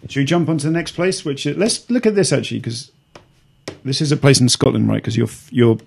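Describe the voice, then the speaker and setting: A man's voice: medium pitch, a little fast, gravelly, breathy edge. A man hosting a live show, chatting casually and laid-back, calling his guest "man" and swearing now and then. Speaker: show host.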